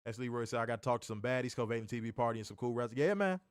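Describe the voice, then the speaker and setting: A man co-hosting a casual livestream, loud and joking. He swears freely, laughs often and swings from shouts down to mutters. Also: mid-range voice, level tone, racing, clear, resonant tone, no echo, clean studio sound. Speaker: livestream co-host.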